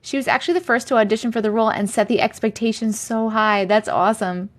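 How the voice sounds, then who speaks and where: A woman with a Long Island accent, chatting casually on a livestream and reading viewer comments, talking in a chatty, animated way full of giggles. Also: on the high side, quick pace. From Long Island, New York. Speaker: livestream host.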